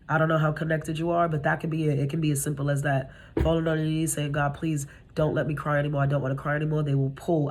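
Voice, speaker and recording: A young woman with a low, husky voice gives a casual tarot reading. She talks to her viewers in a chatty, streetwise way. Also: a little mellow. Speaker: tarot reader.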